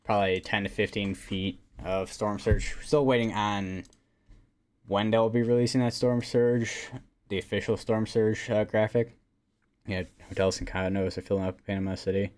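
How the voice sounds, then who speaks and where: A man's voice: on the low side, steady tone, moderate pace, a little mellow. A man hosting a live weather stream, talking casually and rambling with lots of fillers and restarts. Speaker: livestream weather host.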